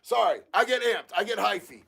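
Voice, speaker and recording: A man hosting a casual livestream, reading viewer comments aloud and talking in an excitable, profane way that breaks into shouting. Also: high voice, fairly quick, creaky, slightly rough. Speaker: livestream host reading chat.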